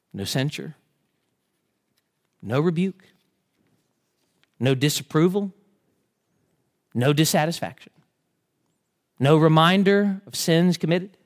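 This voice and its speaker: A man preaching a sermon as pastor, swinging between slow hushed verse readings and fervent, rising appeals. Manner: builds to fervent, high-pitched emphasis; drops to slow, hushed tones on key verses.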